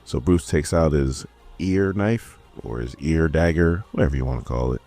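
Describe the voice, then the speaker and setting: A man's voice: extremely low pitch, moderate pace, dark tone, soft background music. A man casually recapping a comic issue, laid-back and slangy as he tells the story. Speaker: comic book reviewer.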